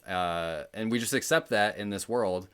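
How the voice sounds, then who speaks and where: A man with a very deep, low voice talks casually, as if chatting with friends about a movie. He rambles a little and leans on fillers like "um" and "you know.". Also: normal speed, clean tone. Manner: relaxed, rambling, many fillers. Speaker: podcast co-host.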